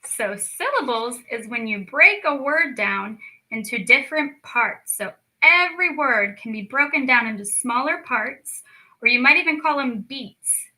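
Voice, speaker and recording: A young woman teaching a children's lesson, slow and encouraging as she speaks to young kids. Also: high-pitched, lively intonation, sharp tone, rough recording. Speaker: speech clinic storytime teacher.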